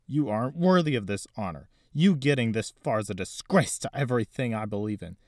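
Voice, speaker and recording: A man's voice: mid-range voice, lively intonation, a little fast, darkish tone, no room sound, clean studio sound, close to an everyday voice. A man voicing a drunk, violent older man who growls with contempt. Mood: angry.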